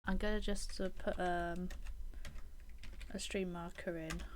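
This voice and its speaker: A woman's voice: lowish voice, fairly even intonation, a little slow, slight background noise. Young British woman streamer, chatty and opinionated, casual game commentary. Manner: chatty, opinionated, trails off and restarts, bursts of indignation. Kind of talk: live-streamed commentary while playing.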